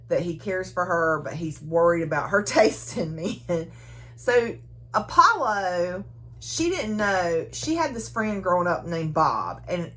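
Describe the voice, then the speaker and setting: A woman's voice: medium pitch, pushed and bright. Giggly woman recapping a book. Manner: chatty, giggly, frequent laughter. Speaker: book reviewer.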